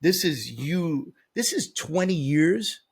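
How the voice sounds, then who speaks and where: A man's voice: on the high side, expressive, slow pace, breathy edge. A man who works as a business coach, telling a personal story as a podcast guest in a blunt, profane, sarcastic way. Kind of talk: casual storytelling.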